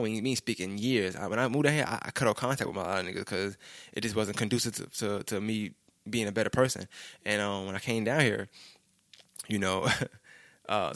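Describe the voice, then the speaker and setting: A man's voice: fairly low pitch, a bit bright, no echo, clean studio sound. A young man, telling a rambling street story in casual slang with frequent restarts. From Brooklyn, New York.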